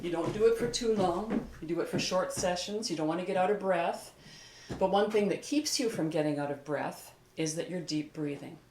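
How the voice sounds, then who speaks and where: An older woman, a vocal coach, giving a calm, encouraging singing lesson on video and talking through an exercise as she moves. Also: fairly low pitch, moderate pace, slight background noise. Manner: calm, encouraging, demonstrates while moving. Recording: echoey room.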